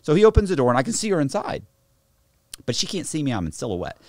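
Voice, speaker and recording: A man telling a story to a podcast host, animated and full of slang and restarts, in a studio. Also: fairly high pitch, fast, dry recording. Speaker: podcast guest. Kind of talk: casual storytelling.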